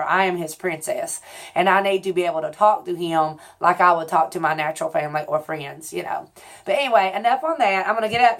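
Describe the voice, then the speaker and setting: A woman in her forties talking casually to her viewers at home, in a rambling, confessional way that keeps correcting itself. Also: medium pitch. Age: 40s. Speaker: vlogger. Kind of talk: casual chat.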